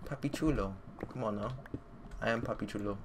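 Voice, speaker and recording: Young male gaming YouTuber, casual excitable commentary, heavy slang, desk mic, faint fan hum in the room. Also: on the low side, a little fast. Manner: excitable, slangy, talks to himself and viewers. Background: computer fan noise and keyboard clicks.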